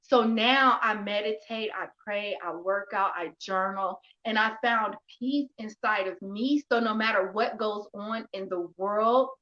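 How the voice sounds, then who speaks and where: A woman's voice: medium pitch, a little slow, few pauses, bright, forceful tone. A woman hosting a casual talk show chat, affirming her guest and often asking "right?". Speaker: host. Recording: dull, lo-fi sound.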